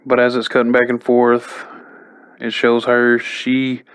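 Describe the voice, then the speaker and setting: A man's voice: medium pitch, completely flat delivery, measured pace, clear, resonant tone. A man giving a casual spoken recap as a TV episode reviewer, chatty and loose, with lots of "like" and "you know".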